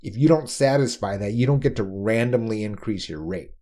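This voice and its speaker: A man explaining insurance pricing in a quick, emphatic talk, often tossing in rhetorical "right?" asides. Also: on the low side, mellow.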